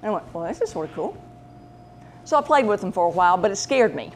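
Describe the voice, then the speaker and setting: A woman tells a long personal story with plenty of animation, acting out every voice she quotes. Her voice sits at an ordinary middle pitch. A faint hiss of noise runs under the recording. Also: sing-song, quick pace. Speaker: pet medium, show host. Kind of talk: casual storytelling.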